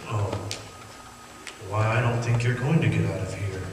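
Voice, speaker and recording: An actor in a live radio drama, playing a calm, ominous man who speaks slowly and flatly. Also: lowish voice, over music, lightly acted. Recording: echoey stage, distant mic, audible noise.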